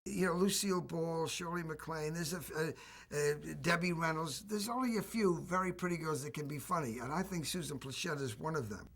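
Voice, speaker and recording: An older actor reminiscing in an interview, telling anecdotes with a raspy voice. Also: male voice, on the high side, brisk. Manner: warm anecdotal storytelling with laughs. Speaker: actor recalling a film.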